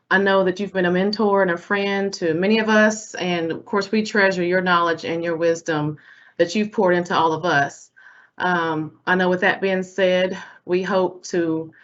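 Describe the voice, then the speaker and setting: A woman hosts a remote meeting, speaking warmly and laughing now and then. Her voice sits a little low. The audio is dull and lo-fi, like a webinar call. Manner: warm, lightly laughing. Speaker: meeting host. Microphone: video call.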